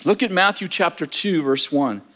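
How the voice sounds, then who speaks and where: A middle-aged pastor with a voice on the high side preaches at a moderate pace against a noisy background. He is an animated storyteller sharing a personal story with self-mocking humor, restarting his sentences and repeating words as he begins them.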